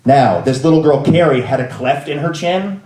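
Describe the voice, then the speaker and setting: A man's voice: a little high, lively intonation, moderate pace, dark tone, reverberant. A man in his thirties telling a comic story on stage in a rambling, self-deprecating way, with exasperated rants. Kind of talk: live comedic storytelling.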